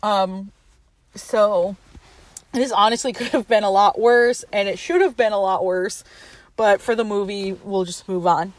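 A woman's voice: mid-range voice, steady tone, a little slow, no echo. A young woman casually retelling a movie plot, chatty and laughing often, acting out the characters' lines.

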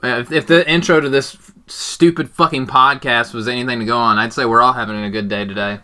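A man's voice: medium pitch, fairly even intonation, fast, pushed and bright. A young man hosting a podcast with casual, crude, joking banter. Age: young adult. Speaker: podcast host. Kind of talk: casual chat.

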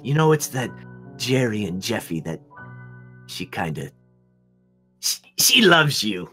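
A man's voice: fairly low pitch, very animated, takes it slowly, sharp tone, faint music behind, heavily acted. A man voicing a fussy, doting middle-aged mother in a tabletop game, with a raised, scolding voice. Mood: coaxing.

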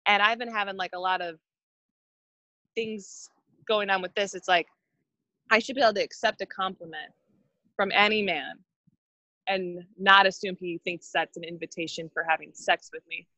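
A woman's voice: medium pitch, fairly even intonation, normal speed, long pauses, bright, forceful tone, no echo, rough recording. A married woman talking in a casual conversation, opinionated and rambling. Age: adult, married.

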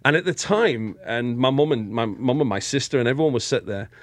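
A man from England with a British accent, a guest telling lively anecdotes in casual chat and laughing often. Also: medium pitch, a little fast, no echo. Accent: British English. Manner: animated storyteller, laughs often.

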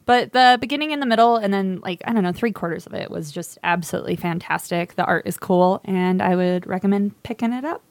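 A woman co-hosts a casual podcast, speaking with chatty, animated energy and frequent laughter. Her voice sits at a middle pitch. The sound is dry and close, with little room echo. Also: brisk, few pauses. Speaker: podcast co-host. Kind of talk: casual chat.

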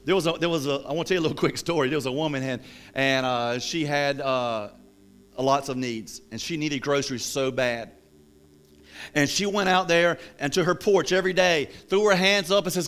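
High-voiced, animated male preacher. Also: normal speed. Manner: animated storytelling, joking. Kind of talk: sermon.

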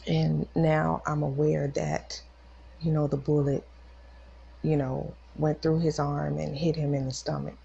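A woman's voice: deep voice, level tone, a little slow, vocal fry, warm tone, husky, lo-fi sound. A woman podcast host telling a personal faith testimony in a casual, emotional way, acting out the voices of the people in her story. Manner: emotional, acts out quoted voices.

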